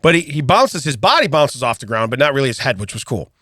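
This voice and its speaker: A middle-aged man co-hosting a podcast, telling an animated story in casual chat, often checking in with "okay?" and restarting his sentences. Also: mid-range voice, quick pace, no room sound, studio quality. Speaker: podcast co-host.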